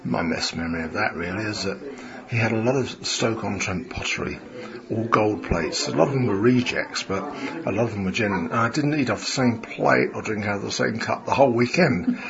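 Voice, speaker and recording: Older guy rambling about seances, lowish voice, muffled sound w/ crowd chatter. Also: brisk, creaky. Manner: chatty and rambling, with many fillers and restarts. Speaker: spiritualist medium interviewed after a seance. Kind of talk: reflective conversational interview. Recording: dull recording with a crowd behind.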